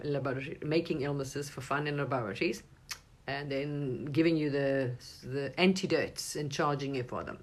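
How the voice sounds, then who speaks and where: A woman with a notably low, deep speaking voice rambles through a casual spiritual talk. She talks animatedly, jumping between thoughts, and now and then leaps up into high, excited bursts. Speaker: spiritual vlogger.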